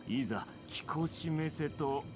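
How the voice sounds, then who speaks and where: A man voicing a solemn priest in a game, intoning an archaic prayer to the gods of the sea in a measured, ceremonial cadence. The chant rises over clear game music. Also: fairly high pitch, lively intonation, natural voice.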